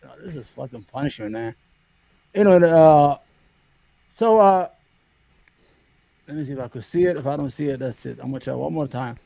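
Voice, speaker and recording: High-voiced man ranting profanely. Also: normal speed, vocal fry, pauses often, warm tone, no echo. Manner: profane, heated storytelling. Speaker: podcast host. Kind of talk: casual current-events rant.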